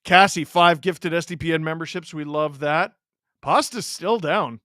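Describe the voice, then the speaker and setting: A man hosting a live hockey watch-along, giving excitable play-by-play reactions and sarcastically heckling the referees. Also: fairly high pitch, moderate pace, no echo, studio quality.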